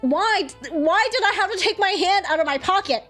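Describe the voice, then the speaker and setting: A young woman streamer chatting casually, telling a story with animated swearing and acted-out quotes. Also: very high-pitched, brisk, hardly any pauses, soft background music. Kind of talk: casual chat.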